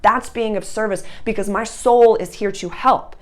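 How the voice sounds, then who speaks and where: A woman's voice: medium pitch, steady tone, normal speed. A woman spiritual coach giving an earnest, emphatic solo talk to her viewers, rambling from point to point.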